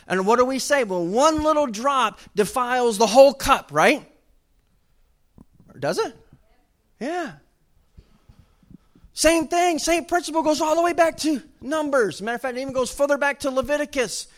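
A male pastor, preaching a sermon in a conversational way that rises to loud, emphatic bursts. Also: very high-pitched, lively intonation, moderate pace, long pauses.

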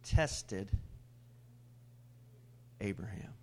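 With lively intonation and drawn-out words, a male pastor preaches against slight background noise. He calls out questions to the congregation, makes humorous asides, and becomes much higher and louder when acting out scripture characters.

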